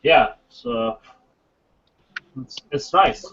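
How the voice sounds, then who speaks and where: A man hosting a casual live model-building stream, joking around and explaining with halting fillers. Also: medium pitch, fairly bright tone, husky. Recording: dull lo-fi stream audio.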